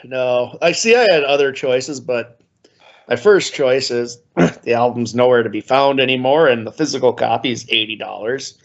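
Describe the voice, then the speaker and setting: A man's voice: mid-range voice, normal speed. A man co-hosting a podcast in laid-back, joking banter, peppered with "man" and "brother," on dull lo-fi audio. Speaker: podcast co-host.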